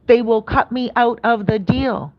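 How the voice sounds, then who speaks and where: A woman real estate advisor talking in a casual vlog rant, animated and emphatic, firing off rhetorical questions. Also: on the high side, unhurried, muffled recording, slight background noise.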